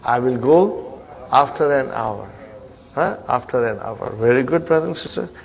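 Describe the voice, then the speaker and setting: A man teaching an Arabic grammar class, coaxing students along, drilling terms slowly and checking they follow. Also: medium pitch, animated, vocal fry. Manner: coaxing, repeats "huh?" and "are you with me" to check students.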